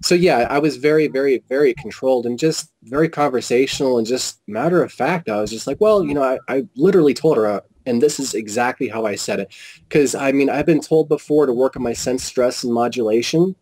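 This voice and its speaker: A man telling a personal story as an interview guest, animated and quoting whole conversations with frequent restarts. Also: mid-range voice, a little fast, low-quality recording. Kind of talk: casual storytelling.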